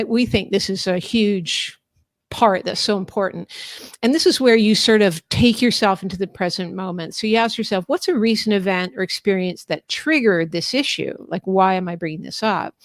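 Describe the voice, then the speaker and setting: Warm-toned coaching woman explaining steps. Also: mid-range voice, normal speed, no room sound. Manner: friendly, instructive, laughs often. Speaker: life coach and author. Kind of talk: explaining a coaching method in a live online talk.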